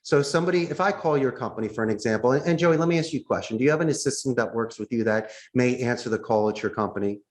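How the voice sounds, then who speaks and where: Animated man coaching sales tactics. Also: medium pitch, rapid-fire, few pauses. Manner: enthusiastic, acts out phone calls with bright voices. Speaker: call center CEO, interview guest. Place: in Costa Rica.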